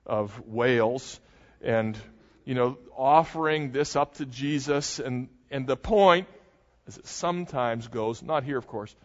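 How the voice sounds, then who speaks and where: A man's voice: mid-range voice, slow. A man preaching an expository sermon, conversational and explanatory, with dry asides. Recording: dull sound with long hall reverb.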